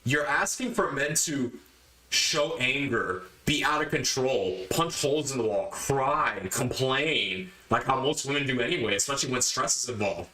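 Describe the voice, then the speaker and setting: A man's voice: mid-range voice, moderate pace, pushed and bright, reverberant, low-quality recording. A man hosting a podcast, lecturing his listeners emphatically and hammering his points home by repeating them. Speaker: podcast host. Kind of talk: opinionated podcast monologue.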